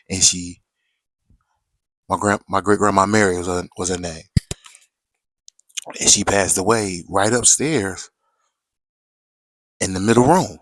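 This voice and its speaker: A man's voice: on the low side, fairly bright tone, no echo. A man telling a story to his viewers in a casual, slangy way, often checking in with "right?" and "you know".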